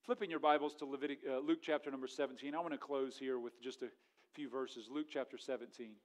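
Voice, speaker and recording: A man preaching a sermon, reading scripture aloud and swinging between loud, rising emphasis and quiet asides. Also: mid-range voice, fairly even intonation, quick pace. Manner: preaching with rising intensity, then dropping quiet; reads scripture aloud in old-fashioned wording. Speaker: pastor.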